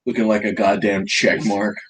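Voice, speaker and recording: Male podcast co-host, lower register, crude teasing banter, faint background noise. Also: level tone. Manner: profane, teasing, quick roasting jokes.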